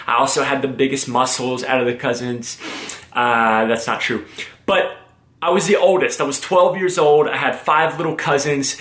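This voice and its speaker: Energetic young preacher in an echoey room. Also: male voice, medium pitch, normal speed. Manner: energetic, joking, animated storytelling. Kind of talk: sermon with storytelling. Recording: roomy echo.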